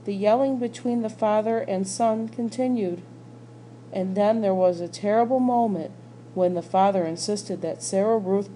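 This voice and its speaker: A woman reading a children's novel aloud, slow and gentle. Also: medium pitch, a little hiss or hum, rough recording. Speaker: school staff reader.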